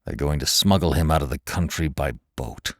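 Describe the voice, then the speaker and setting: A captured male agent answers in a deep, strained voice full of bitter reluctance, voiced by a male narrator. His tone is low and clipped. The sound is dry and close. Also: moderate pace, no room sound. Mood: grudging.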